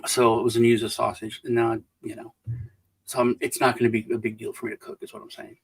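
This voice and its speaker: A man's voice: mid-range voice, completely flat delivery, quick pace, husky, poor audio. A middle-aged man co-hosting a casual livestream chat, rambling with restarts and trailing off as he tells anecdotes. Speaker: co-host.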